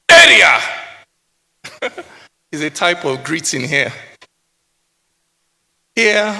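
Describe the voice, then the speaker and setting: A man's voice: a little high, creaky, sharp tone. A man with a Nigerian accent performing spoken word poetry in a rhythmic, rising oratorical style, slipping into pidgin phrases. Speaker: poet. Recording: hall reverb.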